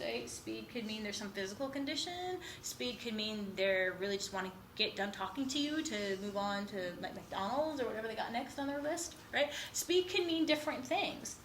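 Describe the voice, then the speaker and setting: A woman teaching a class, talking very quickly and animatedly and often checking in with "right?". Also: a little high. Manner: fast-talking, animated, keeps asking "right?". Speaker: instructor. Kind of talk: classroom lecture. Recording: echoey classroom, faint noise.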